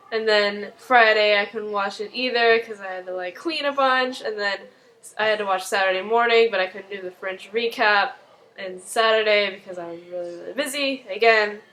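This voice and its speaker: A woman's voice: on the high side, normal speed, fairly bright tone, rough recording. A young woman casually retelling a TV episode, rambling and full of fillers. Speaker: video recap host.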